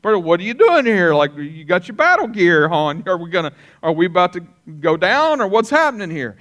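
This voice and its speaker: A man voicing a frightened man who rushes out alarmed questions, pitched a little above his usual voice. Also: big pitch swings, fairly bright tone, muffled recording. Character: frightened man facing an armored warrior.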